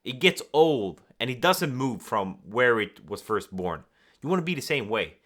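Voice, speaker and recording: A man coaching communication speaks to the camera at a normal speed in a medium pitch. His advice is animated, and he acts out contrasting nervous and calm examples.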